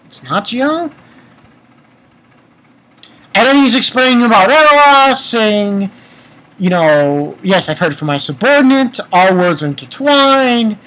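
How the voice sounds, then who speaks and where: A man giving a casual, excitable manga chapter review, retelling scenes and breaking into profane rants. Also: high voice, measured pace, low-quality recording.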